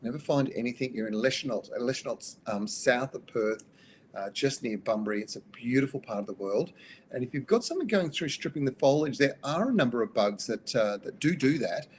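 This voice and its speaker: An Australian man answering gardening questions on a live stream, chatty and practical, losing his voice and clearing his throat now and then. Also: mid-range voice, lively intonation, fairly quick, a little hiss or hum. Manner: chatty and practical, with frequent ums and restarts.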